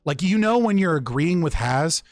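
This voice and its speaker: Male host, fairly high pitch, dry close sound, blunt and swearing a lot. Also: expressive, normal speed, no echo. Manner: blunt, heavily profane, rambling. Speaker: podcast host. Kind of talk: casual chat.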